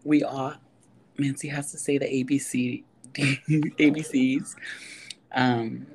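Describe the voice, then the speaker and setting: A woman's voice: extremely low pitch, little pitch movement, takes it slowly, a little mellow, slight background noise. A young woman hosting a podcast in a whispered ASMR chat, giggly and swearing casually as she leads the games. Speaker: podcast host.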